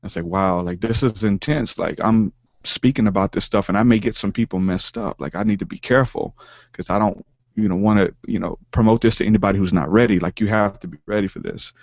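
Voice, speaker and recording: A man telling a personal spiritual story in an interview, earnest and halting, with many fillers and restarts. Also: lowish voice, vocal fry, a little mellow, dry recording, muffled recording. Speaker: podcast guest, rapper.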